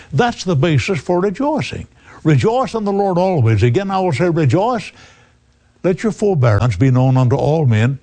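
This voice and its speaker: A man's voice: medium pitch, dark tone. A middle-aged man preaching a sermon in an earnest, emphatic way, lifting his voice for quoted words.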